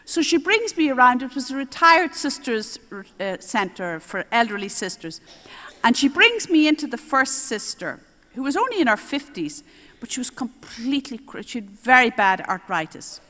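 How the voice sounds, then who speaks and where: An older Irish nun preaching at a healing service, telling homely stories in an animated way and acting out the voices of the people in them. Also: female voice, high-pitched, moderate pace. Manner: animated, homely storytelling with lively quoted voices. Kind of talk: storytelling sermon. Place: large exhibition hall. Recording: long hall reverb.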